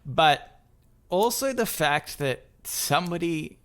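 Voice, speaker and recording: A man's voice: on the high side, expressive, slow, fairly bright tone, clear, resonant tone. A man co-hosting a podcast in casual chat, rambling and poking fun at himself as he laughs. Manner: rambling, self-mocking, laughs often. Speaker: podcast co-host.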